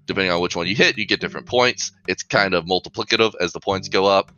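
A man narrating a tabletop game as game master, chatty and animated. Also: deep voice, fast talker, highs cut off.

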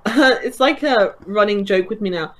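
A woman with a voice of average pitch chats casually and enthusiastically. She laughs often between sentences. Her talk is loose and full of fillers like "like" and "um". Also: measured pace. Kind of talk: casual chat.

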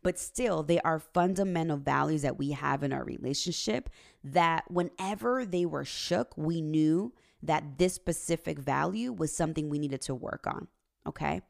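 A woman's voice: sits low, moderate pace, gravelly. A woman in her thirties, a relationship coach and host, talking casually and earnestly on a livestream and reading out viewer comments, often adding "right?" and "like". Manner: earnest, faith-based, uses "right?" and "like" often; animated storyteller, laughs easily.

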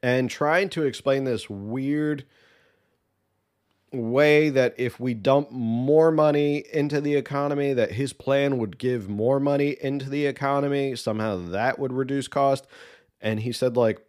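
A man's voice: medium pitch, fairly even intonation, measured pace, darkish tone. A man hosting a political podcast, giving casual, opinionated commentary with sarcasm and exasperation.

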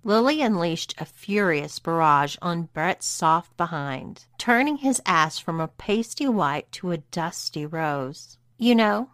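A woman's voice: on the low side, animated, slow pace, few pauses, a bit bright, no echo. Woman reading a story, dry sound. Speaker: story reader. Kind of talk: scripted narration of an erotic story.

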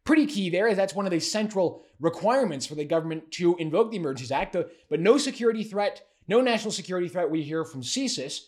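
A man with a notably high voice talks through political news in a casual commentary show. His tone is sarcastic and mocking, and he delivers it with lively energy. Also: quick pace, hardly any pauses.

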